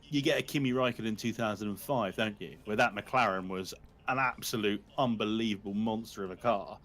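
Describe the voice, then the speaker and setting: A man, a guest on a casual live-stream chat, teasing and quick with a quip. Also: fairly low pitch, fairly bright tone. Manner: teasing, laughs often, quick quips.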